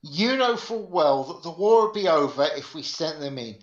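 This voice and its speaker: A man co-hosts a talk show, chiming in casually and agreeing while he laughs along. His voice moves lively up and down. It comes through a roomy, muffled line. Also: on the high side, moderate pace. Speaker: co-host. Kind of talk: casual chat. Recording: roomy, dull remote line.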